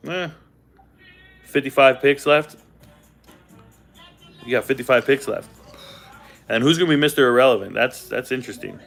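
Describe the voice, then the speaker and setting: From a hotel room, without his regular setup or mic, a man with a mid-range voice hosts a relaxed live-stream reacting to the football draft. He's lively and keeps repeating himself to stress his points.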